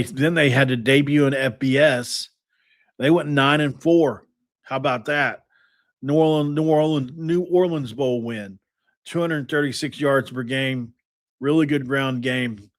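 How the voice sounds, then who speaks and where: A man hosting a casual sports podcast, energetic and rambling as he reels off stats. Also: mid-range voice, no echo. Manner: energetic, stat-heavy, rambling. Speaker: podcast host.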